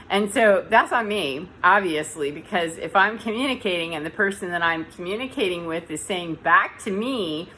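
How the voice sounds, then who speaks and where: A woman's voice: lowish voice, lively intonation, moderate pace, few pauses, pushed and bright, a little hiss or hum, poor audio. A woman talking casually to camera in a dim room, rambling and correcting herself as she goes. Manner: rambling, self-correcting, chatty. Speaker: vlogger.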